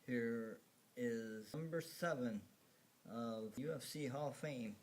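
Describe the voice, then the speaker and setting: A man's voice: medium pitch, slow pace, very noisy. A man casually narrating a slideshow, rambling and hesitant, full of fillers and restarts, chuckling at his own remarks. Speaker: video narrator.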